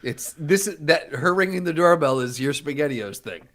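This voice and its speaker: A man's voice: on the high side, expressive, normal speed, a bit bright. A man co-hosting a podcast in casual chat, asking prodding questions and retelling his co-host's stories. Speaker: podcast co-host.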